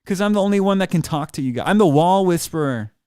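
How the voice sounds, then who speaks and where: A man with a high, expressive, smooth and slightly mellow voice talks at a quick pace in a dry recording. As host of a solo podcast, he rants sarcastically and profanely at his audience into a desk mic before his computer in a small studio.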